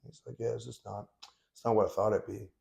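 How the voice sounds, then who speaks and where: Low-ish and level, his voice moves at a quick pace, creaky and slightly mellow. He's a man in his thirties swapping stories as an interview guest, blunt, relaxed and freely profane.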